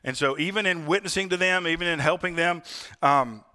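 A man with a high voice preaches to his church. His tone is bright and forceful, and he talks to the congregation as friends. He keeps checking in with them for an "Amen.". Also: brisk. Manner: conversational, addresses the congregation as "friends"; asks for "Amen?" responses. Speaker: pastor. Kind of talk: sermon.

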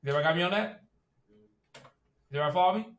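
Talking very fast in a high-pitched, fairly bright voice, a male teacher gives a casual, direct lecture, frequently making sure students keep up. The echoey classroom recording sometimes catches him at a distance from the mic.

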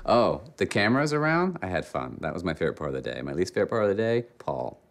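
A man in an improvised comedy sketch, delivering strange lines in a deadpan way that turns giddy and shrill. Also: fast talker, gravelly, over music. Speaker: celebrity guest.

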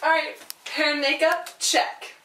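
A woman's voice: high-pitched, flat delivery, measured pace, very noisy. Bossy teen girl, echoey and distant. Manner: bossy, coaching, valley-girl fillers. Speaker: student in a school skit. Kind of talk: comic school skit. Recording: echoey room from a distant mic, music behind.

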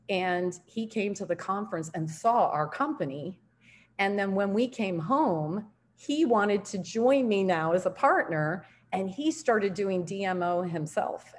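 Upbeat woman giving a motivational training talk. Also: lowish voice. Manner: upbeat, animated storytelling with laughs. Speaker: network marketing trainer.

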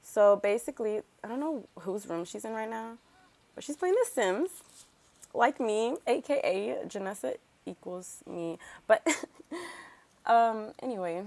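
A talkative woman doing casual gameplay commentary at a middling pitch. She rambles and fills her talk with asides and quick remarks to the characters on screen. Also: gravelly, no room sound. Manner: chatty, filler-heavy, rambling asides; animated, talks back to game characters. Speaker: let's play host.

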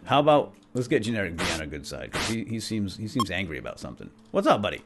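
A man's voice: lowish voice, sing-song, fast talker, noisy background. A man hosting a video game let's play, casually commenting and playfully bantering with the characters. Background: game music.

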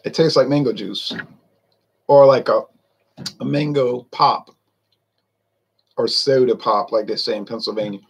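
A man's voice: medium pitch, measured pace, gravelly, pauses often, breathy edge. A man talking in a folksy, meandering way, with many fillers, while reviewing a drink on his vlog. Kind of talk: casual rambling monologue.

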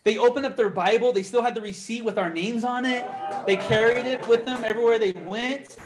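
A young man giving a testimony in a church, telling his story with lively quoted dialogue. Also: extremely high pitch, a little fast, a crowd in the background. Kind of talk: testimony sermon.

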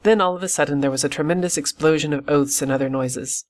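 A man reading an audiobook in steady, measured scripted narration. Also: fairly high pitch. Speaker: audiobook reader.

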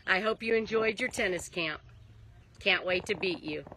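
A woman with a bright, forceful tone reads heartfelt prepared words. A faint hiss sits under her voice. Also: mid-range voice, normal speed. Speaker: mother-in-law giving birthday wishes. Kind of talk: recorded video message.

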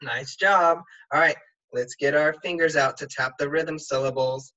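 A woman music teacher leading young children through a rhythm lesson, speaking slowly and clearly with encouragement. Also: deep voice, fairly bright tone. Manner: slow, clear, encouraging classroom delivery. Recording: dull lo-fi sound.

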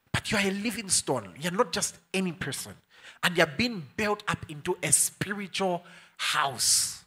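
A young man preaches from the pulpit in a bright, ringing voice that swings widely up and down. He takes his time over each phrase, joking and calling out to the congregation as he reads scripture. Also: a little high, breathy edge. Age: young adult. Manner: playful, laughs often and calls out to the congregation. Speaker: pastor. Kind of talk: sermon.

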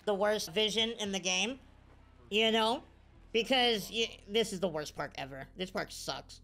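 A woman commentating her own video game play, excitable and cheering on or scolding her players. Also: medium pitch, unhurried. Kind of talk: casual gameplay commentary.

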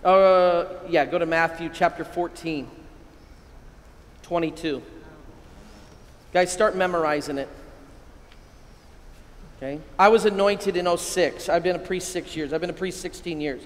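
American priest, middle-aged guy, high voice, fired up, preaching to a hall with long echo. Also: measured pace, long pauses. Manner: excitable, energetic preaching with sudden loud bursts. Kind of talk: keynote talk to a men's conference. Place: large hall at a conference. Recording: echoey hall, long reverb.

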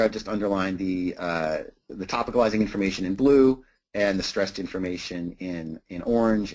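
A lecturer with a lowish, darkish voice gives an academic talk on teaching writing, thinking aloud as he goes. He is thoughtful, filling his speech with frequent "uh"s and repeated words. The recording is dull and lo-fi.

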